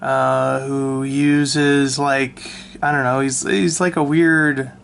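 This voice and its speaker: A man casually talking through his old sketchbook, relaxed and self-mocking, with lots of ums and restarts, recorded on a handheld camera. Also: medium pitch, slow pace, gravelly, smooth. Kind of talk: casual rambling commentary. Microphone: handheld camera mic.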